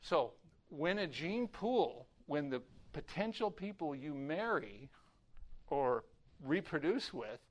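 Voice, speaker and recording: Older guy preaching, kinda high voice, acts out the story bits. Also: big pitch swings, takes it slowly. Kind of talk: sermon teaching.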